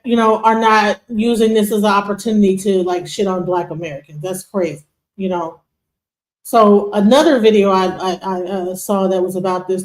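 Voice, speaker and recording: A woman co-hosting a casual commentary stream, talking emphatically and repeating words when she gets heated. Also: mid-range voice. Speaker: stream co-host. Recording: roomy echo.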